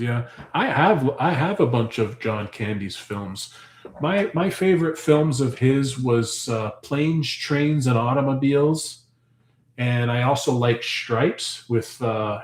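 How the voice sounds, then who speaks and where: A man's voice: medium pitch, echoey room. A man hosting his homestead channel, chatting casually and answering viewers' comments in a rambling, thinking-aloud way.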